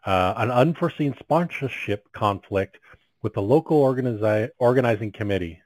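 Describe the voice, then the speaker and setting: A man's voice: medium pitch, expressive, moderate pace, a little mellow, no room sound, low-quality recording. A man co-hosting a comedy podcast, reading odd news stories aloud with crude jokes and stumbles.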